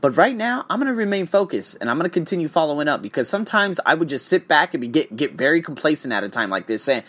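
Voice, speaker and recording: A man's voice: medium pitch, big pitch swings, fast talker, bright, forceful tone. A man coaching for English tests, talking in a casual vlog monologue, profane and emphatic as he tells his story.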